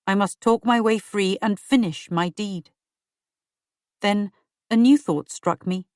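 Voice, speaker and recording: A woman reading a first-person audiobook in slow, measured storytelling narration. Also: medium pitch, a little mellow, dry recording, studio quality.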